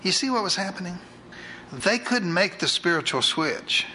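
Male preacher, high voice, bright and forceful, storytelling sermon. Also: normal speed, a little hiss or hum, poor audio. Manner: animated storytelling with asides to the congregation.

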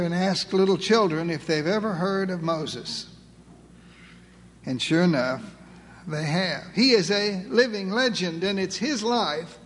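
A man's voice: high voice, big-room sound. A man preaching a sermon in a folksy, humorous way, often asking his listeners questions.

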